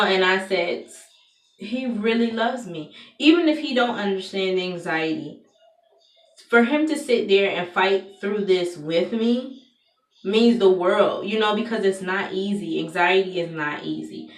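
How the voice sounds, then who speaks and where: A young adult woman, soft-spoken and confiding as she tells a personal story to the camera, with many fillers. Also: lowish voice. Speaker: vlogger. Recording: echoey room, far from mic.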